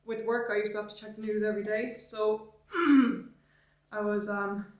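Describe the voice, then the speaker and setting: A woman's voice: medium pitch, fairly even intonation, measured pace. A young woman, a travel vlogger chatting casually to camera in a rented apartment, rambling and wry.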